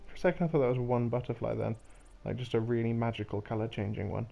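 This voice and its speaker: A man's voice: mid-range voice, steady tone, fast talker, creaky, lo-fi sound. A young man chatting sarcastically as he plays through a game, with exasperated asides. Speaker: gaming video host. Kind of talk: casual let's play commentary.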